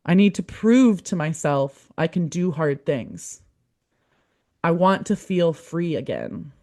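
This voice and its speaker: Female podcast host, young adult, lowish voice, earnest and encouraging delivery. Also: sing-song, slow, dark tone. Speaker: podcast host, community manager. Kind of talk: heartfelt podcast monologue.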